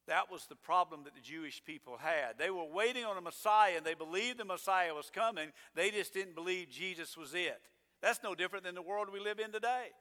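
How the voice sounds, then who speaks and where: Middle-aged guy preaching, high bright voice, loud punchy lines then quiet asides, long church reverb. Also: a little fast. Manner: emphatic preaching, rising to loud declarations then dropping low. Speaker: pastor. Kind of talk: sermon. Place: church sanctuary.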